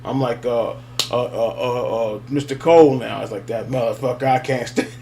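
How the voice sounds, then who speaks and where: A man talking in a loose, rambling way, full of fillers and little laughs. His voice sits at an ordinary middle pitch. A faint hum runs under the recording. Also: fairly even intonation, moderate pace, dark tone. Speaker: wrestling fan vlogger. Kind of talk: casual nostalgic monologue.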